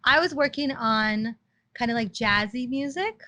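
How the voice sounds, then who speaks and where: A woman's voice: a little high, animated, measured pace, sharp tone, no echo. A woman co-hosting a podcast in casual chat, chatty and self-teasing. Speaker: podcast co-host.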